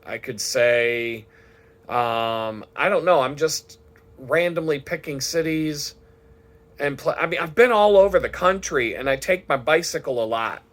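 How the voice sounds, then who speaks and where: A man's voice: a little high, measured pace. A man talking casually in a rambling, profane vlog monologue, swearing freely as he tells his day. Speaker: vlogger.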